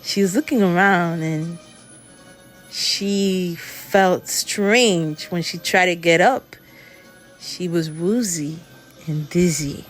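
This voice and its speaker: A woman casually telling a scary story in a rambling, unhurried way, full of fillers like "he goes". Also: on the low side, faint music behind.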